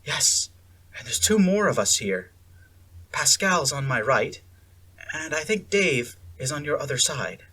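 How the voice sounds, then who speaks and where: A man voicing a calm, kind fifty-year-old woman with a French accent who speaks quietly and gently in a storybook reading. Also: a little high, measured pace, distant mic, slight background noise, heavily acted. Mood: gentle.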